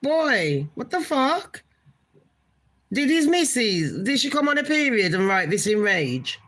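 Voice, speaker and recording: A woman's voice: on the high side, big pitch swings, unhurried, fairly bright tone, poor audio. A woman giving a blunt, swearing, incredulous gossip commentary as a vlogger.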